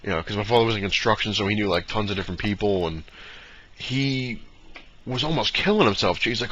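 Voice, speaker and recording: Rambling man with a bright lo-fi sound. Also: on the low side, fast. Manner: rambling, fillers, mimics dad in quotes. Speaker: vlogger. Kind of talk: casual rambling storytelling. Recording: dull lo-fi sound with faint noise.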